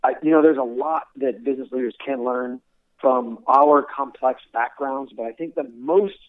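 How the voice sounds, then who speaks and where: A man's voice: mid-range voice, moderate pace, no room sound, phone-quality sound. A man being interviewed about his military career, speaking earnestly and often restarting his words. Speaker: guest, former military instructor. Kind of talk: conversational storytelling interview.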